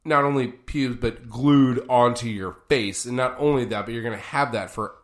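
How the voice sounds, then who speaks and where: A man co-hosting a podcast in casual chat, excitable, swearing and repeating himself. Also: mid-range voice, normal speed. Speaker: podcast co-host. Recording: roomy echo.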